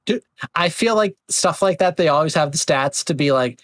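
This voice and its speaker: A man hosts a casual podcast conversation in a slightly raised voice. He rambles in a relaxed way with many fillers and drops into quick mocking voices. The sound is dry and close, with no room to it. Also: on the high side, no echo. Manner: chatty, filler-heavy, slips into mocking voices. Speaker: podcast host. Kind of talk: casual chat.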